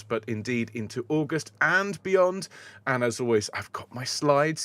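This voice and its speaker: A man's voice: medium pitch, no echo. A man, a choir's musical director, chatting playfully and enthusiastically to viewers of a live online rehearsal.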